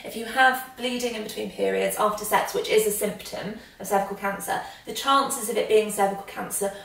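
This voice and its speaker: A woman's voice: mid-range voice, fairly even intonation, brisk, gravelly, a bit bright. A woman in her late twenties, a guest chatting candidly and with self-mocking humour. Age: 20s. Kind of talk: casual chat. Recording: roomy echo, mic at a distance.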